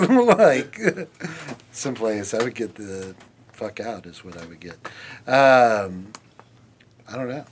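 A man's voice: medium pitch, very animated, slow, long pauses, slight background noise. A man in a casual podcast chat with bandmates, making wry remarks and trailing off into mumbled asides. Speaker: band member, podcast regular.

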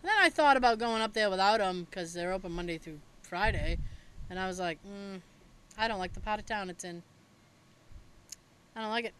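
A woman casually telling stories in a chat, animated and laughing often, with a bit of swearing. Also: medium pitch, brisk, pauses often, slight background noise, low-quality recording.

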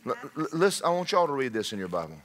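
Pastor, bright voice, tells jokes and shouts punchlines from the pulpit. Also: male voice, medium pitch, sing-song, rapid-fire. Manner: humorous storytelling, shouting punchlines. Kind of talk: sermon. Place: church sanctuary.

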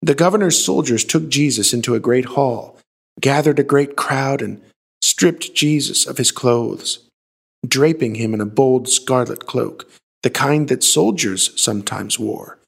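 A man, a pastor, retelling a Bible story as a sermon in a dramatic way, shifting between hushed and emphatic lines. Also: mid-range voice, a little slow, gravelly, breathy edge.

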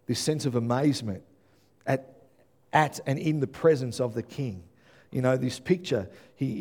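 A man preaching a sermon, earnest and repeating himself, building to emphatic high peaks. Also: warm tone.

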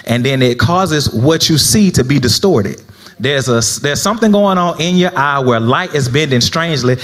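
Young minister guy preaching, casual and talky, keeps asking the church if they're with him, kinda high voice. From South Florida. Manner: conversational, laughing asides, asks congregation if they follow. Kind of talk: sermon.

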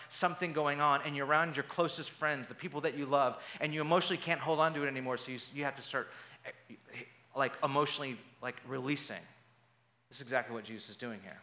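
A pastor with a mid-range voice preaches a sermon, retelling a scripture passage through animated storytelling and briefly voicing the people in it.

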